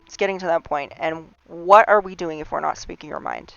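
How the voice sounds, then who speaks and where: On a slightly dull, lo-fi stream captured with a streaming mic and no echo, a woman host speaks in a low, brisk, creaky voice. Her monologue is earnest and impassioned, with frequent restarts and rising emphasis.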